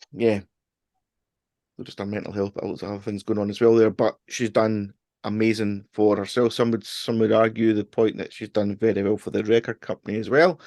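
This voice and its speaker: A man's voice: fairly low pitch, a little mellow, no room sound. A man hosting a podcast, rambling and joking as he chats. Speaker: podcast host. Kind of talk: casual chat.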